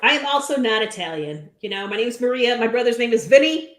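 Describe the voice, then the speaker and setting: A woman's voice: fairly high pitch, lively intonation, fast, roomy sound. A woman co-hosting a reality show recap in casual chat, retelling scenes animatedly and laughing often. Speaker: recap podcast co-host.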